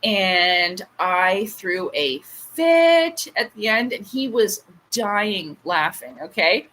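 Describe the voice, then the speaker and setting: A woman's voice: mid-range voice, very animated, very slow, fairly bright tone, low-quality recording. Chatty woman hosting a livestream. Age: late 30s. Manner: chatty, rambling storyteller with frequent asides. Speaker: livestream host. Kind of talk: casual livestream chat.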